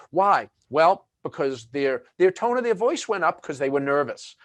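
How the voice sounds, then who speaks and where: A man's voice: fairly high pitch, lively intonation, normal speed, hardly any pauses, a bit bright, no echo. A man presenting a webinar in a chatty, conversational way, full of fillers and asides.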